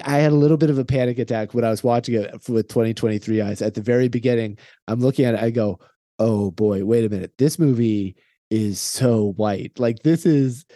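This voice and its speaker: A man chats as a guest on a film podcast in a very dark, mellow voice at a middling pitch. The sound is close and dry, and his talk is wry and easygoing, with the odd laugh. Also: dry recording. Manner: chatty, laughs, wry commentary. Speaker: podcast guest, co-host of another show. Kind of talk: casual film discussion.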